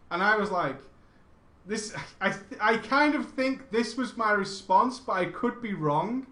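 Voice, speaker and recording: A man's voice: high voice, lively intonation, unhurried, a bit bright, reverberant. A man telling a long, rambling gaming story in casual chat, correcting himself often and swearing freely. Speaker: storyteller recounting gaming memories.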